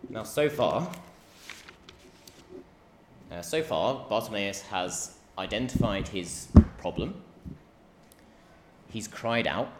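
A man's voice: on the low side, lively intonation, slow, pauses often. Impassioned male preacher in a roomy hall. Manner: impassioned, acts out cries and crowd voices. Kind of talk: sermon. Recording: roomy hall echo, faint background noise.

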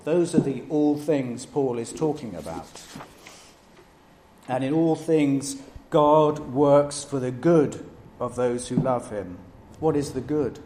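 A man preaching a sermon, measured and emphatic, stressing each item in his lists. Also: mid-range voice, dark tone. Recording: echoey room with faint background noise.

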